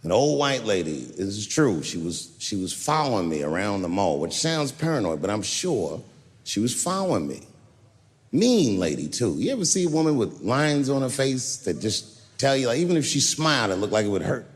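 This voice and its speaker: A man performing live stand-up comedy, telling a profane, animated story to an audience. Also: lowish voice, normal speed. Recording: echoey hall, live show.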